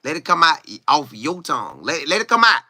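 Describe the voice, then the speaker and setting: Lively, bright-voiced man chatting with viewers. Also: a little high, brisk, dry recording, clean studio sound. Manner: animated, chatty, sings and riffs, reads viewer comments aloud. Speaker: sports commentary streamer. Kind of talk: casual live-stream chat.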